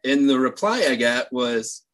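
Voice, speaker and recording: A man's voice: mid-range voice, expressive, measured pace, a bit bright. A man who is a guest on a podcast, chatting casually and telling a rambling story in an easygoing way. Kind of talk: casual chat.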